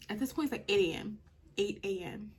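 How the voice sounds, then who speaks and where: A woman's voice: medium pitch, brisk, husky. A young woman vlogger telling a storytime in a casual, chatty way, with a lot of "like". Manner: chatty, lots of "like".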